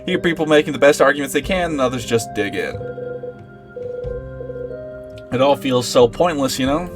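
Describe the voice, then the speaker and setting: A man voicing an anxious young woman philosopher who panics easily and turns shrill when startled, over background music. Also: quick pace, lightly acted. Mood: weary.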